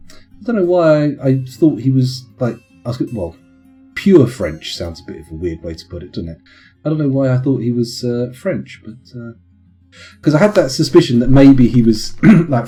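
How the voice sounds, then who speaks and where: Casually commenting on a live game stream, a mellow-voiced man with a mid-range pitch, an adult with kids, rambles and keeps slipping into punny digressions.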